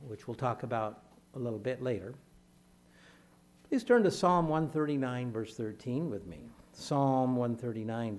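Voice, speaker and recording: A man delivering a sermon as a pastor, speaking in measured phrases and lifting his voice when he reads scripture aloud. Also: medium pitch, a little mellow.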